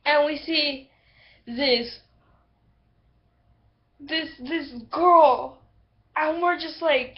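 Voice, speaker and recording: A woman giving a casual, rambling episode review on a computer microphone, excitable and full of fillers. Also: sits high, drawn-out words, long pauses, highs cut off. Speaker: video reviewer.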